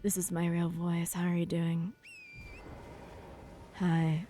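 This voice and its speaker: A woman putting on a deep, half-whispered voice that could pass for a man's. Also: monotone, takes it slowly, dark tone, soft background music. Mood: deadpan. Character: deep-voiced female streamer passing as a man.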